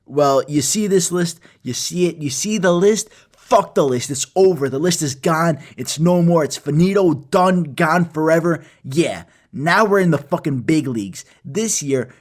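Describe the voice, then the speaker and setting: A man's voice: fairly high pitch, expressive, normal speed, few pauses. A man voicing a brash male science teacher who swears and rambles as he hypes up his class. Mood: hyped. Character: hyped male middle school science teacher.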